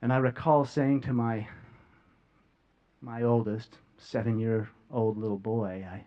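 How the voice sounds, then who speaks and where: A man giving an emotional talk to a live audience, earnest and heartfelt, often halting with repeated words and long pauses. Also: medium pitch, steady tone, highs cut off. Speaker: speaker sharing a near-death experience. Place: stage before a live audience.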